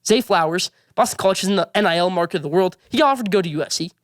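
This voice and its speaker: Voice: medium pitch, expressive, very fast, dry recording, studio quality. A sports vlogger giving opinionated commentary, rambling and repeating points as he goes.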